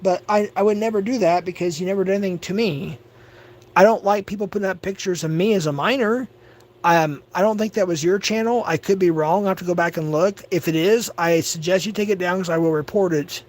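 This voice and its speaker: A man's voice: high voice, a little fast. An agitated man ranting on his livestream, stammering and repeating himself. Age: adult. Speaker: livestream host. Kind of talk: livestream rant.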